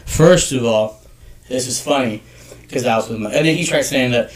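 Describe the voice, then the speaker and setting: Loud-mouthed guy swearing through his stories on a podcast, medium voice. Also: mid-range voice, moderate pace. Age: adult with children. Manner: brash, profane storytelling. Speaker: guest wrestling photographer. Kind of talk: casual podcast chat.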